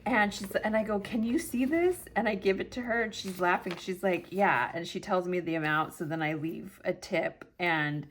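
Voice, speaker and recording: A middle-aged woman telling stories in a casual, chatty planner vlog, animated and talkative. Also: fairly low pitch, normal speed, hardly any pauses. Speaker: planner vlogger.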